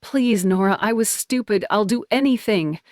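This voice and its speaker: A woman's voice: medium pitch, moderate pace, a little mellow, no echo, clean studio sound, faint music behind, voice pushed up, close to an everyday voice. A woman doing a sobbing, guilty best friend. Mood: pleading. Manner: pleading, sobbing.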